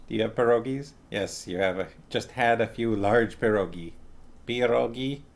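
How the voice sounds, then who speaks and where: A man hosting a relaxed live stream from home, with a gravelly, fry-heavy voice. He greets viewers one after another and chats playfully, now and then turning to talk to his dog. His voice sits at an ordinary male pitch. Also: moderate pace. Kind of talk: casual live-stream chat.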